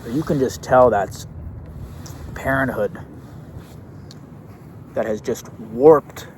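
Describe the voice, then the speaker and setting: A brash young man rants through a casual story, swaggering and swearing freely. His voice sits at an ordinary pitch, with faint traffic noise in the background outdoors. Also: slow pace. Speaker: youth basketball coach.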